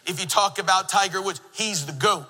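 A middle-aged male pastor delivers a lively sermon, telling stories and teasing his congregation. His voice is high and very bright with a husky edge, and it rings out with the long reverb of a church hall. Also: brisk. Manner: animated storytelling preacher, jokes with the congregation. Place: church sanctuary.

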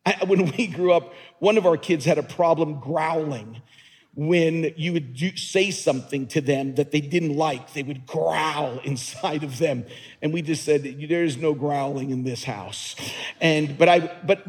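Husky high-voiced preaching man, reverberant hall. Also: unhurried. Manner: earnest, emphatic preaching with repeated words and restarts. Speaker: pastor. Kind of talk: sermon. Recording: long reverb in a large hall.

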